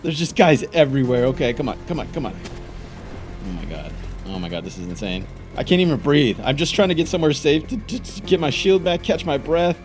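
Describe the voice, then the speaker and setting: Frantic young man, lively gaming commentary. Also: on the high side, fairly quick, soft background music. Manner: frantic, exclaiming, frustrated. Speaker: gaming YouTuber. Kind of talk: gameplay commentary.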